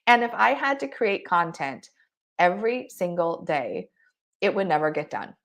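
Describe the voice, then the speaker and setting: A woman in her thirties leading a live online coaching session, energetic and excitable, often checking in with "right?". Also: on the low side, normal speed. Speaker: business and video coach.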